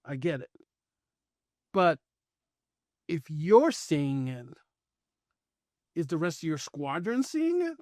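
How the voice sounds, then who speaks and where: Speaking slowly and pausing often, a middle-aged man with a slightly high voice shares a personal story on a podcast, animatedly acting out the lines of the people in it. The casual anecdote is captured in a dry, clean studio recording.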